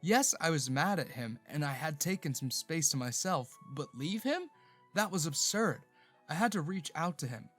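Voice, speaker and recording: Male narrator, first-person story, slightly high voice, soft music behind. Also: lively intonation, moderate pace.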